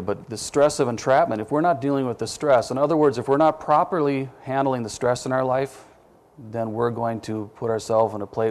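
Gravelly-voiced man preaching a sermon. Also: lowish voice, darkish tone. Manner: conversational, quizzes the audience with questions; self-deprecating asides.

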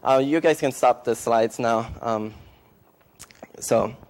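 Halting man giving a church testimony. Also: mid-range voice, a little mellow. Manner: halting, many fillers and restarts, emotional. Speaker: missionary. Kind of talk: testimony and sermon to a congregation. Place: church service.

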